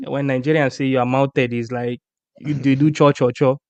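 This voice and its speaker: A man hosting a casual sports chat, animated and rambling, often restarting his sentences. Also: mid-range voice, moderate pace, smooth, no echo, highs cut off. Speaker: podcast host.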